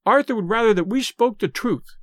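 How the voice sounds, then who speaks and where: A man reading an audiobook, voicing a young woman who speaks calmly and firmly. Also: sits high, brisk, dry recording, clean studio sound. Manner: calm, clear, firm. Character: young woman, calm, firm daughter.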